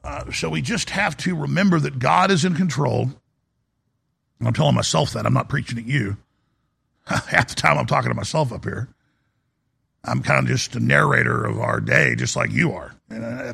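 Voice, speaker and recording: A man's voice: mid-range voice, sharp tone, no room sound. A man hosting a live broadcast from a studio, delivering a rambling monologue with restarts and sudden emphatic rises. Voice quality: gravelly and husky. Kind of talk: monologue commentary.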